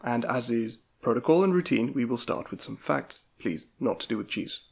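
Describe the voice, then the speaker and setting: A man hosting a podcast, briskly running through the usual intro. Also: mid-range voice, animated, gravelly, breathy edge. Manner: brisk, reads out routine links. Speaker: podcast host.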